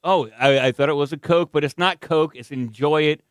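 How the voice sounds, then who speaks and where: A man co-hosting a comedy podcast with wry, quick quips. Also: a little high, no echo, studio quality. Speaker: podcast co-host. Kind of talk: casual comedy chat.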